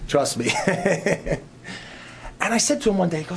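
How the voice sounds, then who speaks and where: A middle-aged man preaching a sermon, telling stories and swinging between loud emphatic peaks and soft low asides. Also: lively intonation, unhurried, pauses often. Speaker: pastor.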